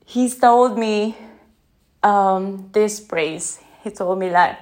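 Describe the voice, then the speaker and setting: A woman who is not a native English speaker, talking slowly and gently in an unscripted podcast recorded on her phone, often checking in with "yeah?". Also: medium pitch. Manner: slow, gentle, reflective, asks listeners "yeah?". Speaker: podcast host. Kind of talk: unscripted reflective podcast talk.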